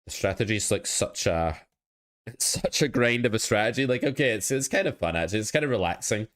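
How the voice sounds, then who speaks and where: Low-voiced poker streamer. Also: male voice, animated, a little fast, a bit bright. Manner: chatty, self-critical, talks to chat. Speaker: poker coach streaming his play. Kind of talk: casual live-stream commentary.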